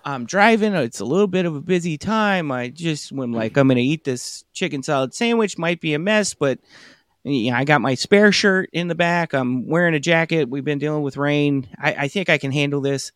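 A man co-hosting a podcast, telling a long comic story in a halting, rambling way that keeps circling back on itself. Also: fairly high pitch, fairly bright tone, smooth, dry recording, studio quality. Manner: rambling, halting, self-interrupting. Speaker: podcast co-host. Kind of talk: casual comedic storytelling.

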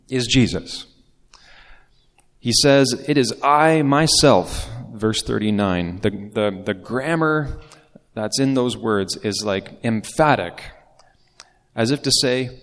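A man's voice: mid-range voice, lively intonation, takes it slowly. A man preaching a sermon as pastor, in a conversational way with casual asides. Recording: long reverb of a large hall.

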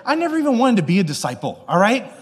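A man's voice: high voice, wildly swooping pitch, breathy edge, voice pushed up, exaggerated voice. A man voicing an exasperated male fisherman disciple who rants defensively about quitting, in a raised, whiny voice. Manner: whiny, rapid, defensive ranting.

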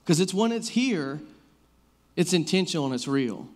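A slightly mellow, high-sitting, animated voice belongs to a man in his thirties preaching casually at a moderate pace. He tells personal stories in a rambling, conversational way, full of fillers like "like."

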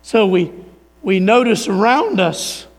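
A man preaching a sermon as a pastor, rising to emphatic points and dropping to quiet, low asides. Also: animated, slow, long reverb tail. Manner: preaching with swings from raised emphasis to quiet near-murmur.

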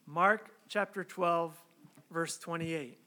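A male pastor delivers a sermon with a fairly high voice. His tone is bright and forward as he reads scripture and prays, then explains the text in an earnest, conversational way, with rhetorical questions to his listeners. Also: slow pace. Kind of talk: sermon with scripture reading and prayer.

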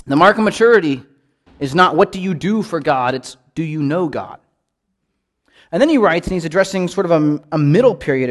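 A man teaching a Bible study in a casual, earnest way, often asking rhetorical questions. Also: a little high.

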